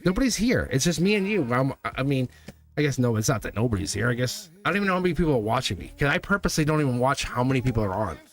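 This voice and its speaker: A man's voice: mid-range voice, very animated, very fast. A man hosting a casual tarot reading livestream from his studio, talking in a rambling, chatty way and laughing often. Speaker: tarot reader and host.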